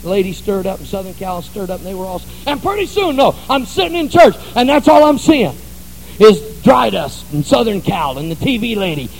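A man's voice: high-pitched, sing-song, brisk, creaky, poor audio. A man pastor preaching a sermon in a church, telling stories in a folksy, conversational way. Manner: folksy storytelling.

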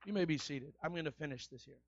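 A man pastor preaching a sermon in a colloquial style, rising to loud shouted refrains. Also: on the high side, quick pace, muffled recording, background noise.

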